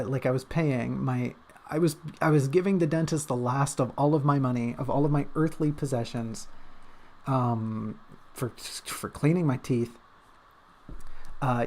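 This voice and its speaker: Gravelly livestreamer, casual rambling chat, self-mocking jokes, mid-pitched voice. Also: a little mellow.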